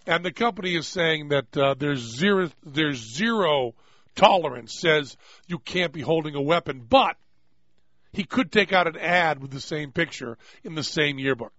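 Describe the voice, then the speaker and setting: Rambling radio host, slightly high voice. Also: male voice, bright, forceful tone, dry recording. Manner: rambling, jokey, quick to laugh. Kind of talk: casual radio talk. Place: radio studio. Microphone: studio microphone. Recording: dry, dull-toned studio sound.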